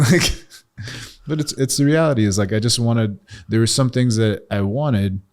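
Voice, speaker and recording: A man's voice: mid-range voice, normal speed, a little mellow. A man in his thirties on a casual podcast, speaking candidly and reflectively with self-mocking humor. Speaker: podcast co-host and coach.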